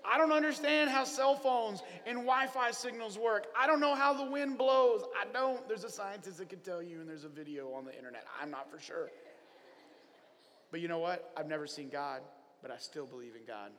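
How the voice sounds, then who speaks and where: A man from Oklahoma gives an animated, joking camp sermon. His voice sits high and sounds bright and forceful. A long reverb from the hall trails every line. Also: normal speed, slight background noise. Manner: animated storyteller, playful humor. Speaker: camp preacher. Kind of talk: lively sermon to young people.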